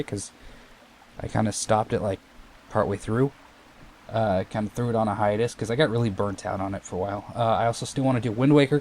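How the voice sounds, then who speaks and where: A man's voice: medium pitch, a little mellow, slight background noise. A young man giving casual, rambling commentary over a video game playthrough, full of fillers and restarts. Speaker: Let's Play commentator.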